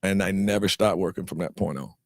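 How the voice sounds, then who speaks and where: A man from North Carolina telling his life story as an actor guest in an interview, animated and acting out the people he quotes, often repeating words as he restarts. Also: sits low, brisk, no room sound, studio quality.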